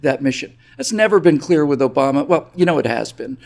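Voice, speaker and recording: A man's voice: fairly high pitch, expressive, a little fast, gravelly, a little mellow. A man as a panelist on a political talk show, talking in an emphatic, scornful way. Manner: emphatic, scornful, mocks with mimicry.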